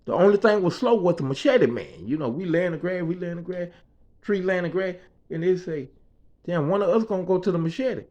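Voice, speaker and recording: A man's voice: sits high, animated, fairly quick, a little mellow. A man from the Bahamas telling a story from his own life in casual, profane slang, acting out what others said and repeating phrases for rhythm. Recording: slightly dull lo-fi recording.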